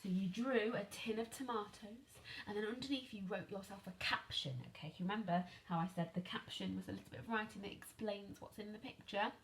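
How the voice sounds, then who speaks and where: A woman teaches phonics to young children over video. She speaks slowly and clearly, spells words out letter by letter, and keeps checking in with questions. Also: medium pitch, steady tone, a little hiss or hum. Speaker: primary school teacher. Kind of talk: online phonics lesson for children.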